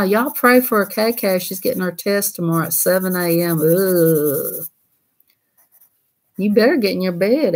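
A woman hosting a casual livestream. She talks in a folksy, chatty way and laughs easily. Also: mid-range voice. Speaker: livestream host.

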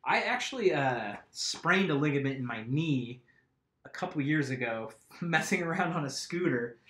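A man's voice: on the high side, lively intonation, normal speed, fairly bright tone. Chatty man live-streaming, roomy sound. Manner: chatty and rambling, answers viewers' comments. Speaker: mountain bike vlogger. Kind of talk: casual live-stream chat while doing bike maintenance. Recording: roomy echo.

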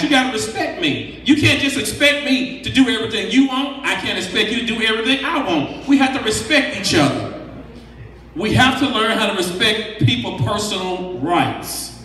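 High-voiced man speaking in an echoey hall. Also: bright, forceful tone, far from the mic, a little hiss or hum. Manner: preachy, emphatic, counts off numbered points. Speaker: workshop speaker. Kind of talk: motivational talk.

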